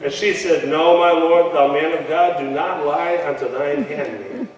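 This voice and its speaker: A man with a fairly high voice preaches from the pulpit, leading his congregation to answer him aloud. His voice rings through a church sanctuary with a long, heavy echo. He sounds distant from the microphone. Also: a little slow. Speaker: pastor. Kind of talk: sermon with scripture reading. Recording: echoey church hall from far off.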